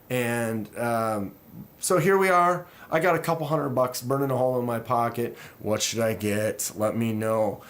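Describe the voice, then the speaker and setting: Rambling knife-channel host, sighing and frustrated. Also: male voice, medium pitch. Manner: rambling, frustrated storytelling with sighs and restarts. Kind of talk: casual livestream chat.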